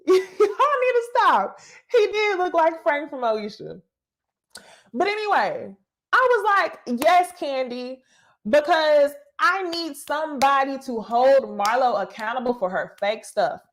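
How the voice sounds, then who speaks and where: A woman hosting a casual reality TV recap, talking to viewers in an animated, profane way with laughing asides. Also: high-pitched.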